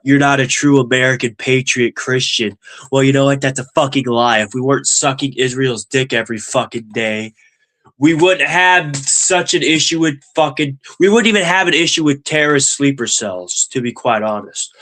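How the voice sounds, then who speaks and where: A man's voice: medium pitch, fairly bright tone. Angry, nasal young man ranting. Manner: angry, swearing constantly. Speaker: stream host. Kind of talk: profane political rant.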